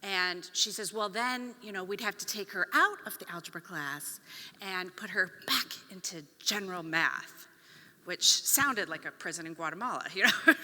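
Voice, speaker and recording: A woman's voice: mid-range voice, moderate pace. A middle-aged woman giving a storytelling talk on stage, acting out the voices of the people in her story. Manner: animated, acts out quoted voices. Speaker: conference speaker; speech pathologist. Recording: long reverb of a hall.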